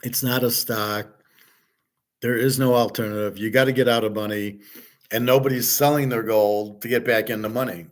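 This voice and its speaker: A man's voice: medium pitch, steady tone, normal speed. A man hosting his own show, ranting bluntly about money and gold in a scornful, rambling way, with swearing and restarts. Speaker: host. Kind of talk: unscripted rant on gold and economics.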